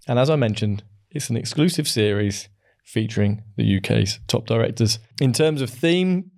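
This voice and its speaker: A man's voice: mid-range voice, darkish tone. An English man hosting a podcast interview, upbeat, chatty and self-deprecating. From England. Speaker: podcast host.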